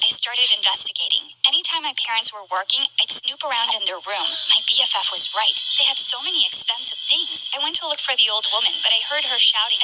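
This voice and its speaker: A woman's voice: a little high, very noisy. A young woman narrating a dramatic first-person story in a scripted, storytelling manner.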